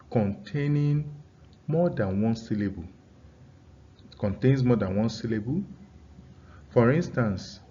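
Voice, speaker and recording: A man teaching an English pronunciation lesson, dictating deliberately and repeating key phrases so students can take notes. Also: lowish voice, dark tone, a little hiss or hum. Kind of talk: classroom-style dictated lesson. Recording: slightly dull lo-fi recording.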